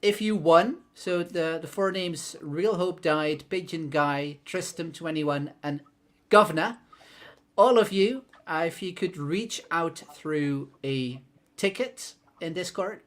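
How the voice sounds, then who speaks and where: A man co-hosting a casual livestream, relaxed and laughing often, with lots of fillers. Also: on the high side, slow. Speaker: co-host.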